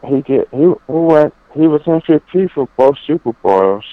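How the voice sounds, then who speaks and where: A male caller, halting and repeating himself, on a phone line. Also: fairly high pitch, expressive, dry recording. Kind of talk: casual phone call. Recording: tinny, noisy phone line.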